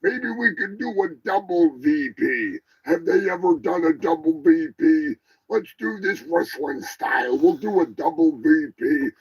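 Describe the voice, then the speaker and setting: Brief: a man doing a raspy, rambling, high-as-a-kite former wrestler pitching a run for office, boastful and deadpan. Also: a little slow, few pauses, rough recording. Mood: stoned rambling. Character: gravelly rambling stoned ex-wrestler politician man. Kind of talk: comedic impression on a livestream.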